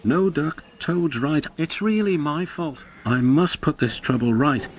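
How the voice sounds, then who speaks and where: A man's voice: a little high, lively intonation, measured pace, slight background noise, voice pushed up. A man voicing a polite, nervous young tank engine in a storybook, apologetic and earnest.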